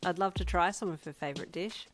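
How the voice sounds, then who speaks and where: A smooth, teasing young winged hero, as a woman reads him in a fan fiction audiobook. He talks easily in a fairly low, relaxed voice. Music plays clearly underneath. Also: fast talker, close to an everyday voice. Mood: easygoing charm. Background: background music.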